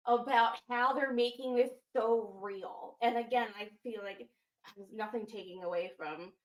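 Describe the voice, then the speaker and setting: Emotional female co-host, slightly high, recorded in an echoey room. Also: measured pace. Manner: gushing, emotional, filler-heavy retelling. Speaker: podcast co-host. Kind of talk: casual wrestling recap chat.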